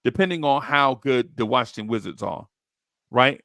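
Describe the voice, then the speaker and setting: A man hosting a basketball podcast, telling stories in slangy, excitable chat and jumping into high voices when he quotes people. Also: moderate pace, creaky, no echo. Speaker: podcast host. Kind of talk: animated storytelling chat.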